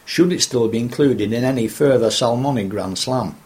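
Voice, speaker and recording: A man's voice: medium pitch, darkish tone. Articulate man asking long questions. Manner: measured and articulate, in long full sentences. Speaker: interviewer.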